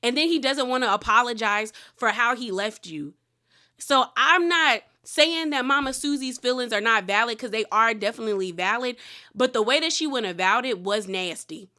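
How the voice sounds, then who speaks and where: A woman recapping a reality show in casual, animated commentary, acting out the quotes. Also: a little high, moderate pace.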